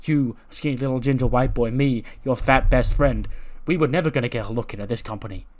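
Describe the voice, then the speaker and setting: A man's voice: medium pitch, fairly quick, darkish tone, close to an everyday voice. A man voicing a passionate male pro wrestler who gives his best friend a rousing pep talk in a game storyline. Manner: emphatic, rousing speech.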